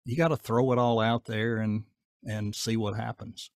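A man's voice: on the low side, little pitch movement, moderate pace, no echo. Folksy Southern man, dry close mic. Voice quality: gruff. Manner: folksy, down-to-earth, rambling with fillers. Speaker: voice actor guest. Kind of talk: casual interview chat.

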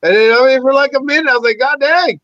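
A man, an actor and army veteran, telling animated, profanity-laced stories as a podcast guest. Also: extremely high pitch, racing, no room sound. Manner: animated, rambling, heavy swearing. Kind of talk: casual storytelling interview. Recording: dull lo-fi dry recording.

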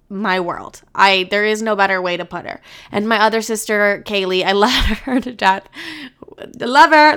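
A woman's voice: mid-range voice, pushed and bright, smooth. A young woman talking candidly to her viewers in a casual, blunt way, swearing freely and filling with "like". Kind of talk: candid personal monologue.

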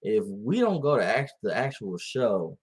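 A man chatting casually on a podcast, telling animated stories and laughing often. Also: on the low side, unhurried, breathy edge. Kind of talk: casual chat.

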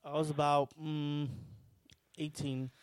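A man's voice: a little high, slow pace, clear, resonant tone, no echo. A man casually telling a wild, crude story on a podcast, swearing freely. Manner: crude, profane, animated storyteller.

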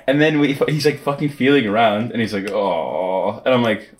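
A man's voice: on the low side, moderate pace. A young man co-hosting a podcast, telling a story in casual chat, swearing often and laughing as he goes. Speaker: podcast co-host.

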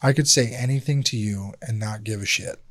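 A man's voice: lowish voice, brisk, no room sound. A man hosting a casual podcast chat, talking bluntly and candidly with plenty of swearing. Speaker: podcast host.

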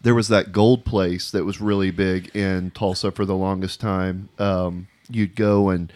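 A fairly low-voiced man in relaxed conversation, easygoing and quick to laugh. He often trails into "uh" and "um" while he thinks. His tone stays friendly and unhurried. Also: dry recording. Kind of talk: casual chat.

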